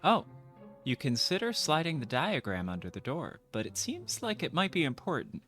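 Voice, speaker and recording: A woman's voice: low voice, huge pitch swings, moderate pace, fairly bright tone, faint music behind. A woman playing a video game and reading its text aloud, with playful, jokey, mock-dramatic asides.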